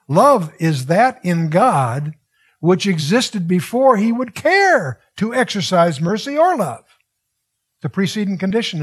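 A man's voice: fairly high pitch, husky. An older man teaching through a Bible passage verse by verse, reading scripture aloud and asking his listeners questions in a conversational way. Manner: conversational, asks the audience questions.

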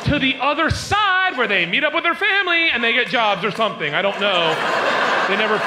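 Male stand-up comic on a club stage, high voice swinging all over, loud noisy room. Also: fairly quick. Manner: animated storytelling, jumps into high squealing character voices. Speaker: stand-up comedian. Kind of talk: stand-up comedy set.

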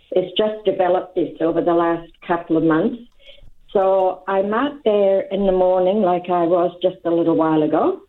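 A Scottish woman calling in to a radio garden show, chatty and quick to laugh. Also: fairly low pitch. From Scotland. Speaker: caller. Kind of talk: phone-in question. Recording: tinny phone line.

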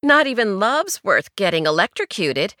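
A woman's voice: mid-range voice, sing-song, moderate pace, pushed and bright, dry recording, studio quality. A woman voicing a sheepish, hopeful stranger. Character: lonely woman wishing at a fountain, hopeful.

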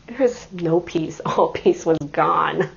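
A woman's voice: low-pitched, takes it slowly, gravelly, breathy edge, lo-fi sound. A middle-aged woman preaching a sermon, telling personal stories with self-deprecating humor before turning to scripture. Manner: warm storytelling with self-deprecating humor and laughter.

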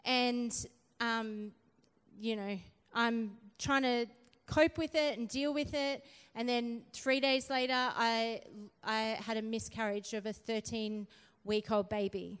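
A woman preaches to her congregation in a slightly high, smooth and clear voice. She moves from quiet, subdued storytelling to forceful exhortation, all at a slow, deliberate pace. Her words ring out with the long reverb of a large hall. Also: fairly even intonation. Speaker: preacher giving testimony. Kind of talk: sermon.

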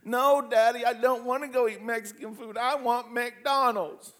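A man voicing a young child whining and pleading to be taken for fast food. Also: very high-pitched, steady tone, fairly bright tone, voice pushed up. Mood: whiny. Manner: pleading, insistent.

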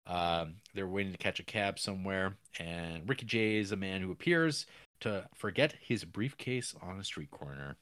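A man co-hosting a podcast, casually recapping a film's plot in a rambling way, with lots of fillers and restarts and quick acted-out character lines. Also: deep voice, lively intonation, fairly bright tone, no echo, clean studio sound. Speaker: podcast co-host. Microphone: podcast microphone.

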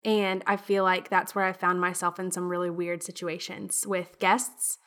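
Young woman podcast host, bright tense voice, upbeat chatty, lots of little quips. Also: on the low side, little pitch movement. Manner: upbeat, quick interjections and laughs. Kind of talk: casual podcast chat.

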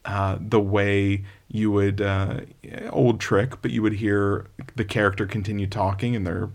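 A man's voice: flat delivery, a little slow, creaky. A middle-aged man co-hosting a casual movie review podcast, talking with enthusiasm. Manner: enthusiastic, mimics others with high-pitched impressions. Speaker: podcast co-host.

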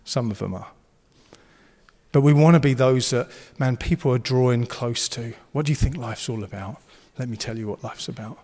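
A man's voice: medium pitch, moderate pace, a little mellow, in a large hall. A man preaching a sermon, earnest and encouraging, and he slips into playful banter. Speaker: pastor.

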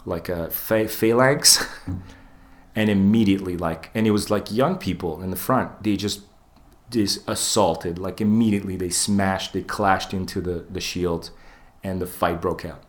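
A man's voice: sits low, normal speed. A man co-hosting a casual podcast, telling a story with lots of swearing and acted-out quotes. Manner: animated storyteller, swears freely, acts out quoted voices. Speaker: podcast co-host.

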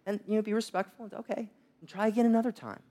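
A man's voice: high voice, steady tone, quick pace, mellow. A young man preaching a sermon, telling humorous, self-deprecating stories. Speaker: pastor.

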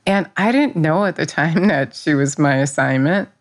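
A woman's voice: deep voice, normal speed. A middle-aged woman who teaches Bible study, sharing a personal faith testimony in an earnest, rambling way. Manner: earnest, rambling, with restarts and fillers.

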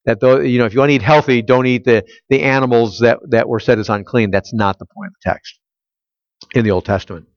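A man's voice: mid-range voice, fairly even intonation, fast talker, dry recording, muffled recording. A man preaching a conversational sermon, emphatic and full of rhetorical questions to his listeners. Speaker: pastor. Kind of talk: expository sermon.

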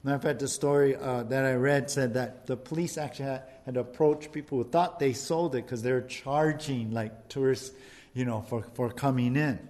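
A male pastor with a medium-pitched, steady, slightly mellow voice preaches at normal speed. His sermon is casual and conversational, and he keeps addressing the crowd as "you guys."

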